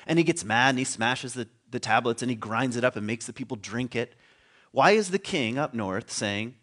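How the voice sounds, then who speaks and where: A man's voice: a little high, fairly quick, a bit bright. Chuckling man giving a casual sermon. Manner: casual and chuckling, thinks aloud with restarts. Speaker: teacher at a spiritual community. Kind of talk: conversational sermon.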